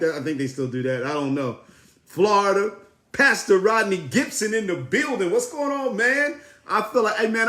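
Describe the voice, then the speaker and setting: A man's voice: high voice, a bit bright, reverberant. Upbeat man hosting a livestream. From South Jersey. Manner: greets viewers by name, upbeat and familiar. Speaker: livestream host. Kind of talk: casual livestream chat.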